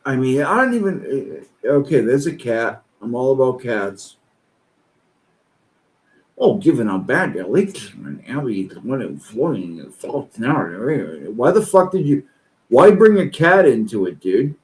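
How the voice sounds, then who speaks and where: Angry ranting man, wide pitch swings. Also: low-quality recording. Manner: slow-paced, with lively pitch swings. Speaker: streamer reacting to online posts. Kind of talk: profane reaction commentary.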